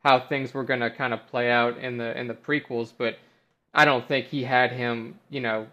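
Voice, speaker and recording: A man's voice: mid-range voice, fairly even intonation, moderate pace, a bit bright. A man rambling in casual chat, leaning on "you know" and "like" as he goes. His recording sounds dull and lo-fi. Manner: rambling, filler-heavy talk.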